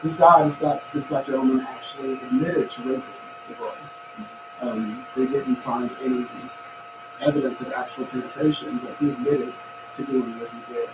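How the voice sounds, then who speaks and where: A man hosting a casual podcast chat, rambling and complaining with animated energy. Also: medium pitch, moderate pace. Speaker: podcast host. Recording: echoey room, far from mic, noisy.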